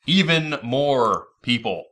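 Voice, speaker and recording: A male host from Michigan running a casual fan show. His voice is bright and forward, and his pitch swings widely as he rattles off news with real enthusiasm. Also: expressive. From Michigan, USA. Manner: enthusiastic, fast announcements. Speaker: podcast host. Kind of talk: casual talk-show hosting.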